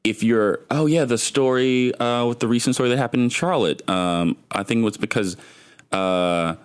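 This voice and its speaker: A man's voice: medium pitch, normal speed, smooth. A man in a casual discussion, talking earnestly and hesitantly with many fillers.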